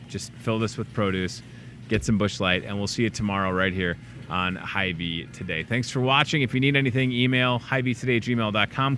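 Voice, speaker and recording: A man hosting a local in-store talk show, chatting casually and rambling through plugs, jokes and shout-outs. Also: on the low side, a little hiss or hum. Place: grocery store.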